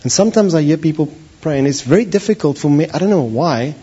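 Husky-voiced man preaching a sermon. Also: a little high, quick pace. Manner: animated, acts out voices of biblical figures. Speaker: pastor. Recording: dull lo-fi recording.

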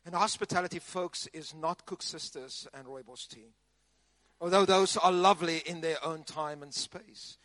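High, bright preacher. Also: male voice, no echo. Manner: animated, humorous storytelling. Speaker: pastor. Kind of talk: sermon.

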